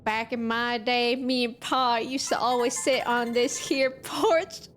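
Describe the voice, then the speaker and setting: A woman putting on a Southern US accent to voice a folksy old farmer reminiscing slowly on his porch. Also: fairly high pitch, fairly even intonation, soft background music, natural voice. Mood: nostalgic. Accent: Southern US, put on. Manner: slow drawling reminiscing.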